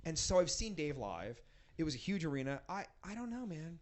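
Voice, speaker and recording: A man's voice: fairly high pitch, big pitch swings, brisk, a little hiss or hum. A man guest on a podcast, telling rambling, profanity-laced stories in casual chat. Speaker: podcast guest, rock band frontman.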